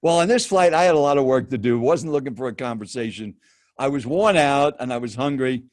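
A man's voice: mid-range voice, a little fast, no room sound, studio quality. A professional speaker, a man, telling a personal anecdote and turning to his listener with direct questions. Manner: lively storyteller, addresses listener directly. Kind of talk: personal anecdote told to a host.

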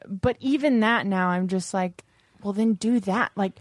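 A woman co-hosting a podcast in casual chat, animated and laughing, with mock-outraged rants. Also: medium pitch, unhurried, no room sound, clean studio sound. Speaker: podcast co-host.

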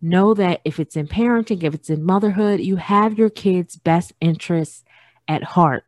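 A woman's voice: lowish voice, normal speed, a little mellow, dry recording, studio quality. A woman in her thirties hosting a solo podcast, talking earnestly about parenting and repeating phrases for emphasis. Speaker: podcast host. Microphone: studio microphone.

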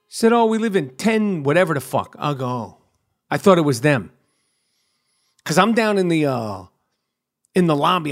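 A middle-aged man hosting a podcast, delivering a profane, animated comedic rant full of swearing. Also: a little high. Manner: animated, crude, rapid-fire ranting with swearing. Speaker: podcast host.

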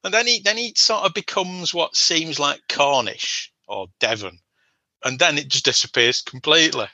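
A man's voice: a little high, animated, moderate pace, pushed and bright, no room sound. A man co-hosting a podcast, chatting casually about a film he watched as a kid and laughing often. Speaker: podcast co-host.

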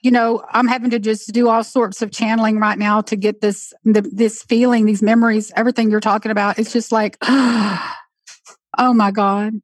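A woman's voice: fairly high pitch, level tone, moderate pace, dry recording. A woman hosting an emotional conversation, speaking earnestly and with empathy.

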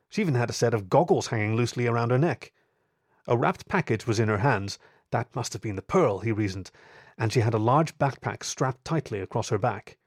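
A man reading a story aloud in a calm, measured narration. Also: medium pitch, dry recording, studio quality.

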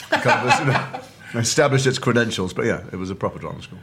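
A middle-aged man from Liverpool, a guest actor telling animated stories over a meal and acting out quoted voices. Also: deep voice, fast talker, slight background noise. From north of England, Liverpool. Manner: animated storyteller who acts out quoted voices. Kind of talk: casual chat over a meal. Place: restaurant table.

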